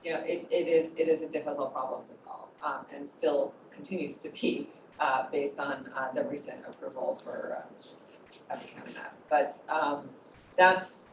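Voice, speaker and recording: Distant echoey woman, low voice. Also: fairly even intonation, moderate pace. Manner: thoughtful, searching for words with many fillers. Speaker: panelist. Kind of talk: panel discussion. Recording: echoey distant noisy audio.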